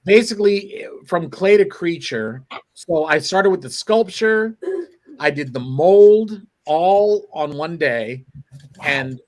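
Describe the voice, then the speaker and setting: A man chatting as a guest on a talk show, rambling and correcting himself as he tells stories. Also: a little high. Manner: rambling, self-correcting storyteller. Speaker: guest sculptor. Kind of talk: casual chat.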